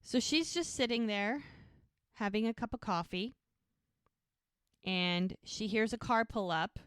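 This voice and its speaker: A woman co-hosting a podcast, recapping a TV episode in a casual, animated way and acting out the characters' lines as she goes. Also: medium pitch, unhurried, clean tone, dry recording, studio quality. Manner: animated retelling with quoted dialogue. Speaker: podcast co-host.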